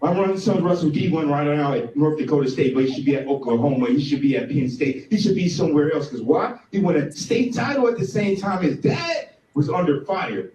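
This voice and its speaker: Middle-aged guy from minnesota ranting hard on a call, pitch sits high, sounds far off in a boomy room. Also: animated, a little fast, few pauses, crowd noise. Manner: fiery, rambling, bursts into shouting. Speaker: guest activist. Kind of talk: impassioned call-in speech. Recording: echoey, distant from the mic.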